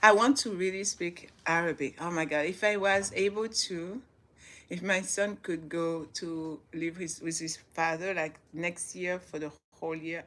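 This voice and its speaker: With a low voice and a fairly bright tone, this forties-aged woman hosts an informal live stream from her home. She reads aloud and chats in an upbeat, motivational way, laughing a lot.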